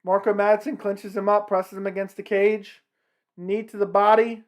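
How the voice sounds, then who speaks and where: A man's voice: sits high, flat delivery, moderate pace. A man hosting a casual livestream, commenting on a fight and talking with his chat. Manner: chatty, reacting to the fight and the chat. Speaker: livestream host.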